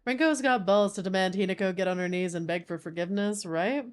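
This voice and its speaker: A woman's voice: mid-range voice, a little fast. A woman chatting casually as she streams a game, rambling with lots of filler words.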